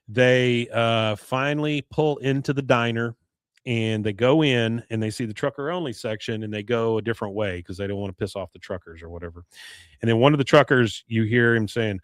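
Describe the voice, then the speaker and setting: A podcast co-host recaps an episode in a casual, rambling way, his mid-range voice turning hoarse as he keeps clearing his throat. He speaks at a moderate pace, and the recording is studio quality with no room sound.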